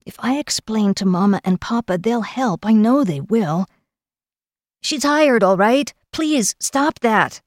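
A woman's voice: on the high side, lively intonation, slow, no room sound, studio quality, pitched above the performer's own voice. A woman voicing an earnest, stubborn young girl page, speaking urgently and firmly. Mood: pleading. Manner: urgent and firm.

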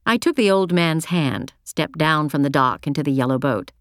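Low-voiced woman narrating a novel. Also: animated, moderate pace, no echo, studio quality. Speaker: audiobook narrator. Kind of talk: first-person novel narration.

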